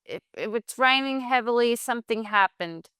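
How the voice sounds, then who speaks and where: A woman's voice: fairly high pitch, animated, moderate pace, a bit bright, clear, resonant tone, dry recording, clean studio sound. A woman co-teaching an online class, reading out poll results and adding friendly, supportive comments. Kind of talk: virtual class lesson.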